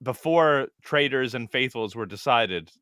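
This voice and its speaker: A man co-hosting a podcast, recapping a reality show in a rambling, animated way. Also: medium pitch, unhurried, clean tone, no room sound, studio quality. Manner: rambling, animated, acts out quotes. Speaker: podcast co-host. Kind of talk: casual reality TV recap chat.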